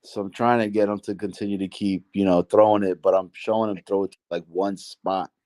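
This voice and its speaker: A man's voice: low voice, fairly even intonation, fairly quick, mellow, no room sound. A young man, a guest on a casual live stream, chatting in an easygoing way. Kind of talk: casual chat.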